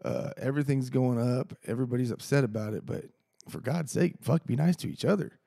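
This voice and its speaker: A man rants through a casual solo podcast, rambling, heated and swearing constantly. His voice is gravelly with a dark, husky edge, close and dry on the mic. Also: medium pitch, fairly quick, dry recording. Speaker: podcast host.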